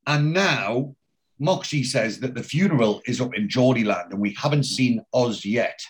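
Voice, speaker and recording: A man's voice: medium pitch, moderate pace. Chatty man recapping a TV episode. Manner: chatty, retelling scenes with quoted lines. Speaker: podcast host. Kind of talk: casual chat recapping a TV episode.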